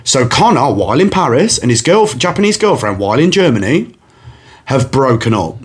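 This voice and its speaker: Husky, lively man. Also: mid-range voice, normal speed. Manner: animated, laughing, rambling storyteller doing voices. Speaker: comedian podcast host. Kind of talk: casual storytelling chat.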